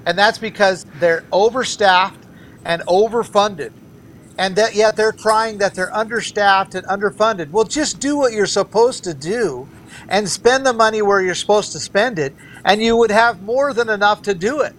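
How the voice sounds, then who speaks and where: Man, high-pitched voice, emphatic political guest, faint background hiss. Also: normal speed, fairly bright tone. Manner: earnest, emphatic, argues in repeated phrases. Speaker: guest, candidate for governor. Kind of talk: political interview talk.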